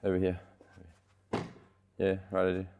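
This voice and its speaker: A man's voice: deep voice, monotone, slow pace, narrow, tinny audio, background noise. A man teaching a martial arts class, patiently coaching technique and repeating cues in rhythm.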